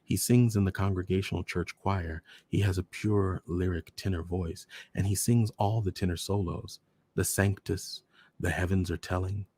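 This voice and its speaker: Deep, gravelly male story reader. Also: steady tone, moderate pace, warm tone. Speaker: storyteller host. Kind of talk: reading a short story aloud.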